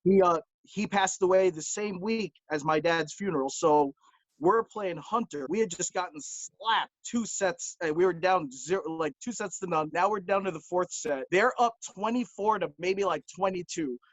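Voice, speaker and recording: High-voiced male guest on muffled audio. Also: expressive, moderate pace, no room sound. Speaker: podcast guest, volleyball player. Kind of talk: casual chat. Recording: dull dry lo-fi audio.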